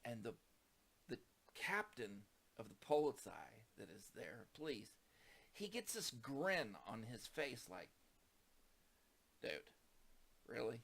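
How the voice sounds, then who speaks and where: Animated, gravelly man telling a story. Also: medium pitch, takes it slowly. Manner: animated, acts out quoted voices, rising to excited peaks. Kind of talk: casual storytelling.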